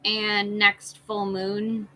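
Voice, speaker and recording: A woman runs a live tarot reading and talks slowly, pausing between card meanings and greetings to viewers. Her voice is bright and forward, with an unhurried, easygoing delivery. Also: medium pitch, monotone, poor audio. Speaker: tarot reader hosting a live stream.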